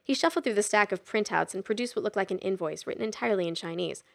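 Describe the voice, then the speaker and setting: A woman narrating a novel in a steady, even storytelling manner. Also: mid-range voice, quick pace, vocal fry, hardly any pauses. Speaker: audiobook narrator. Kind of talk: scripted narration.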